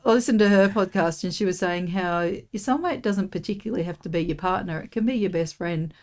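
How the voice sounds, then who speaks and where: A middle-aged Australian woman, a mother talking casually on her son's podcast, rambling warmly with lots of "you know"s. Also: fairly low pitch, a little fast. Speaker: podcast guest, host's mother. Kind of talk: casual chat.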